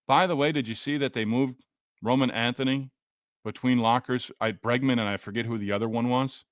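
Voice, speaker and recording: Speaking a little fast in a steady, mid-range voice, a man runs a relaxed sports podcast after the game. The recording is dry, and he works through the live chat, greeting commenters by name as he goes.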